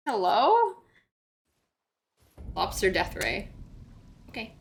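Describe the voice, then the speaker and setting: Bright-voiced chatty woman streamer. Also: mid-range voice, animated, a little slow, pauses often, slight background noise. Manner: chatty, joking, reacts aloud. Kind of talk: casual game commentary.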